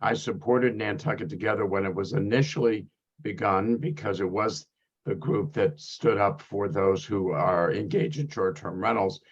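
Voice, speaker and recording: A man with a hoarse, scratchy voice, calmly explaining his position as a workgroup member on a video call. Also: on the low side, muffled recording.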